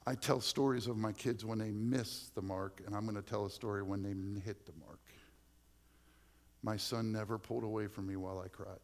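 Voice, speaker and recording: A man's voice: lowish voice, steady tone, brisk. A male pastor preaching a conversational sermon full of personal stories, often dropping to a near-whisper for emphasis.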